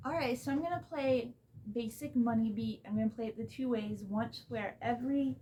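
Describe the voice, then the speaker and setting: A woman teaching a casual drum lesson, explaining step by step in a relaxed way beside her drum kit, recorded on a low-quality camera mic. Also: moderate pace. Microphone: phone or camera mic.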